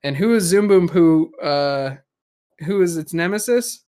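A man improvising a silly adventure story in casual chat, halting and searching for words. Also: fairly high pitch, animated, a little mellow.

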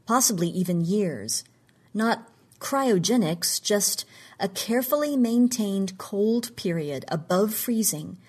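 A woman reading the lines of a calm male researcher who explains things in a steady, controlled way. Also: medium pitch.

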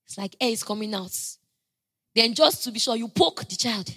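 A woman preaching a sermon, telling stories conversationally and building to loud, emphatic proclamations. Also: a little high, lively intonation, normal speed. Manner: conversational storytelling with playful asides.

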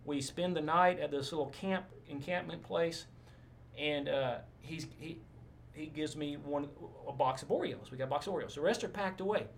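Gravelly rambling storyteller man. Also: on the high side, moderate pace, a little hiss or hum. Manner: rambling, animated storyteller with asides. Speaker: pastor. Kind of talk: casual storytelling interview.

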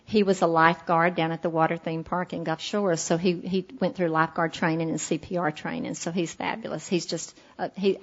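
A woman's voice: on the low side, muffled recording. A middle-aged woman, earnestly telling a heartfelt personal recovery story at a meeting. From Alabama, USA. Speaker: speaker sharing her recovery story.

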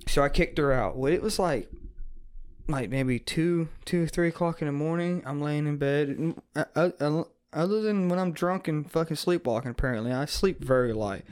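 A man telling a story on a podcast in casual, profane chat, animated and laughing as he goes. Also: a little high, normal speed, clear, resonant tone. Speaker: podcast co-host.

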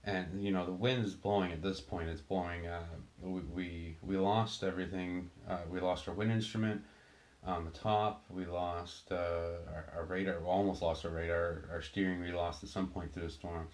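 A man telling a personal story in a casual, halting way, full of restarts and fillers. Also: deep voice, flat delivery. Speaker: storyteller recounting a sailing ordeal.

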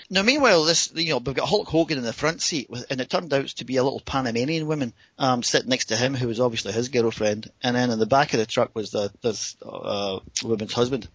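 A Scottish man in his fifties telling a funny story with lively delivery, chuckling as he goes. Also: mid-range voice, no echo, lo-fi sound. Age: 50s. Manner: animated, laughs through his story. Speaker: guest. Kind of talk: anecdote storytelling.

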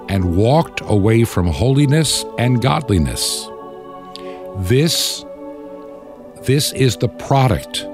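An older man from the United States hosting Christian talk radio, with impassioned, preachy commentary. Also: mid-range voice. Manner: impassioned, preachy, mocks opponents in quoted voices. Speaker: radio talk show host.

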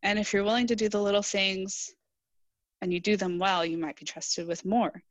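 A woman's voice: medium pitch, steady tone, normal speed, no room sound. A young adult woman engineer, a podcast guest, answering earnestly and reflectively in casual interview talk. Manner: earnest, reflective, quotes herself in dialogue.

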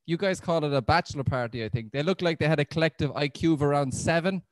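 An Irish man works through a stand-up set, mocking himself and restarting lines as he goes. His voice sits fairly high. The sound is dry and close. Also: quick pace, dry recording. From Ireland. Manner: self-deprecating, with loose restarts. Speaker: stand-up comedian.

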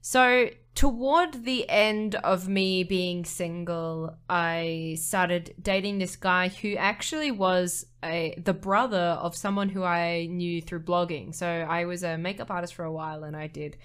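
Female podcast co-host, low-ish voice, blunt casual chatter, swears freely. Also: steady tone, a little slow, hardly any pauses, fairly bright tone, clean tone. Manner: blunt, laughing asides, swears. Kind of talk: casual chat.

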